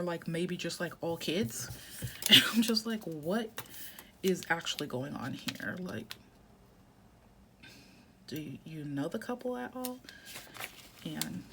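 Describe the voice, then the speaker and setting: Low-voiced woman in her 30s, soft half-whisper chatter while journaling, steady noise behind. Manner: rambling with many "like" fillers. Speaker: planner vlogger. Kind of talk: casual chat while journaling.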